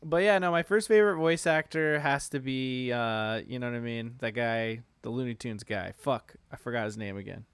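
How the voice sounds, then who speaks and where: A man's voice: medium pitch, moderate pace, few pauses, clean tone, no echo. Laid-back swearing male podcast host. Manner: laid-back, swears freely, laughs often. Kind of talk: casual chat.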